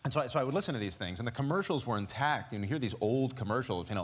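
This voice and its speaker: A man chatting as a guest on a talk show about voicing characters, speaking haltingly with many restarts. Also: medium pitch, lively intonation. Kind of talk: casual anecdotal chat. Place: TV studio with audience. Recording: studio audience and noise behind.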